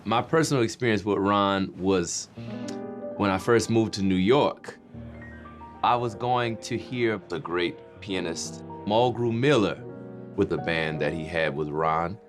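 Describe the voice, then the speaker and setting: A man's voice: low voice, unhurried, music in the background. A young man from New Orleans, a pianist telling a story in a documentary interview and acting out the lines of others. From New Orleans, USA. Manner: animated storytelling, acts out quoted lines.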